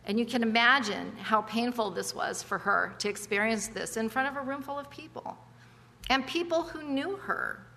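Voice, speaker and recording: A woman's voice: fairly high pitch, normal speed, creaky, pushed and bright, big-room sound. A woman preaching a conversational sermon, emphatic, with chatty asides and rhetorical questions.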